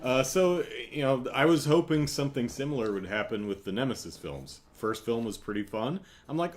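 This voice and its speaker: A man's voice: mid-range voice, normal speed, few pauses. A man hosting a casual solo podcast, rambling and correcting himself as he tells stories. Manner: rambling, self-correcting, animated storytelling. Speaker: podcast host.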